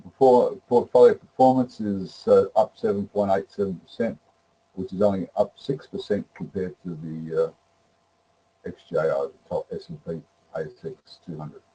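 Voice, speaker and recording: A man presenting a webinar that walks through trading software, rambling with many fillers and restarts. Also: sits low, steady tone, normal speed, breathy edge, low-quality recording. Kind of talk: live webinar demonstration.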